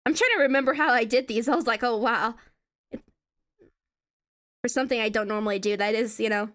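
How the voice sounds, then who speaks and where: A woman's voice: fairly high pitch, steady tone, brisk, fairly bright tone. Chatty, giggly woman streamer. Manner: chatty, giggly, hums along to music. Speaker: VTuber streamer. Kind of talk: casual live-stream chat while drawing.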